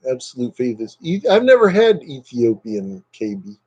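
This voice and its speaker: A man's voice: medium pitch, big pitch swings, normal speed, darkish tone, breathy edge, no room sound, rough recording. A man chatting casually with live viewers over a webcam at home, joking and sarcastic, rambling from topic to topic. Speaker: live streamer.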